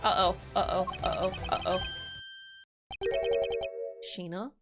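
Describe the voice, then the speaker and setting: A young woman streamer commenting on a game she plays, excitable and swearing, often breaking into loud shrieks. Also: on the low side, takes it slowly. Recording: game music behind.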